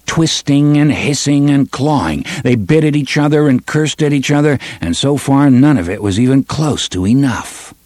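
A male narrator reads a gritty Western-flavored novel with a measured, steady delivery. His voice sits at an ordinary middle pitch. The recording is close and completely dry. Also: no echo. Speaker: audiobook narrator. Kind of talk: scripted narration.

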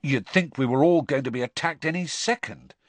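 A man voicing a teenage schoolboy who mutters wryly, with a husky voice. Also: on the high side, a little fast, no room sound, pitched above the performer's own voice, close to an everyday voice. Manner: muttering, wry.

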